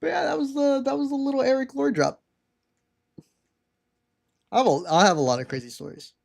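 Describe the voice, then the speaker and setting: A man's voice: very high voice, lively intonation, brisk, creaky, no echo, studio quality. A young man streaming live, telling stories from his life in a chatty, candid way and swearing freely. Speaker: livestreamer. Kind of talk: casual storytelling to a live chat.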